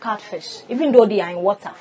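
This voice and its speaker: A woman's voice: medium pitch, fast talker, dark tone, slight background noise, poor audio. A woman from Ghana hosting an interview, asking questions and giving frequent short affirmations. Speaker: interviewer, host.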